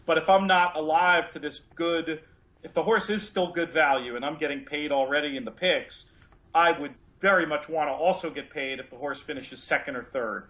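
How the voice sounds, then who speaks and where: A man on a podcast with a bright, forceful tone and a voice pitched a little above usual. He talks things through reflectively, looping back and restarting his sentences as he goes. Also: normal speed. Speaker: podcast co-host, horse racing handicapper. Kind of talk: casual podcast discussion.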